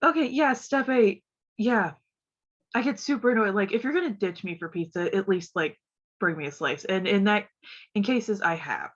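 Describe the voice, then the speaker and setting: A woman's voice: medium pitch, moderate pace. A woman from West Virginia, stuffed up, chatting casually and rambling on a stream, laughing often. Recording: dull lo-fi audio.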